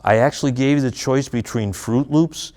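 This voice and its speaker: A man's voice: mid-range voice, normal speed, darkish tone. A man leading a parenting workshop at a school, acting out parent and child exchanges with audience members. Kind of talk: interactive workshop talk with role-play. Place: school auditorium or room with audience.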